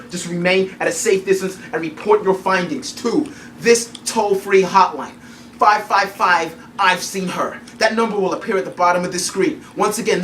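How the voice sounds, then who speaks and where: A man's voice: high-pitched, fairly bright tone, slight background noise. A man playing an overdramatic TV news reporter in a home-video mock news skit, rambling with many restarts. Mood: urgent. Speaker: TV field reporter. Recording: echoey room from far off.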